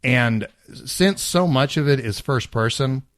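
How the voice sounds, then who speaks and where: A man's voice: mid-range voice, expressive, slow, no echo, studio quality. A man co-hosting a casual podcast, chatting with many fillers and restarts as he reads listener letters. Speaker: podcast co-host.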